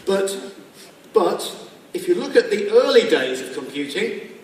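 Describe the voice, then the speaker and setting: A man's voice: high voice, big pitch swings, measured pace. A man giving a humorous business talk to a conference audience, acting out little scenes with quoted voices. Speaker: keynote speaker. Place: large conference hall. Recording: echoey hall from far off.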